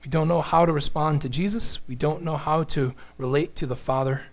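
A man preaching a sermon, emphatic and impassioned, moving between loud declarations and hushed, slow lines. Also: a little high, fairly even intonation.

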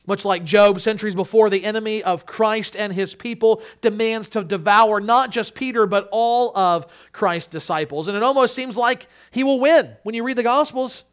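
High-voiced man preaching with big swings. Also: moderate pace. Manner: earnest, repeats words at the start of phrases; swings from quiet low phrases to loud high peaks. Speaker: pastor. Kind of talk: sermon.

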